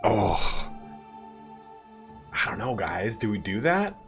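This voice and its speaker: A deep-voiced man talking through a strategy game on a stream. He is relaxed and chatty, says "dude" often, and soft music runs quietly underneath. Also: takes it slowly, vocal fry. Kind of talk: casual gaming commentary.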